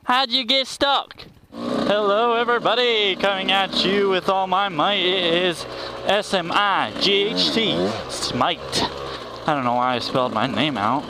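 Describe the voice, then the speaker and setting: A man's voice: sits high, unhurried, creaky. A man vlogging on a dirt bike in a goofy, rambling, self-mocking way, talking into a helmet mic on a forest trail. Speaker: motorcycle vlogger. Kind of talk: casual riding vlog chat. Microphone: helmet intercom mic. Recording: loud motorcycle engine noise outdoors.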